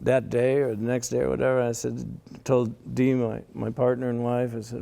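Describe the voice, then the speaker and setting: A man's voice: medium pitch, fairly even intonation, fairly quick, creaky, mellow. An older man telling a long personal story in a rambling conversational way, repeating words and laughing often. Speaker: interviewee.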